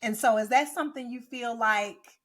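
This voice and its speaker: A woman's voice: a little high, normal speed, fairly bright tone. A woman podcast host and pastor giving earnest, exhorting encouragement, often checking in with "right?". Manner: preachy, exhorting, frequent "right?". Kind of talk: encouraging ministry podcast talk. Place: boardroom.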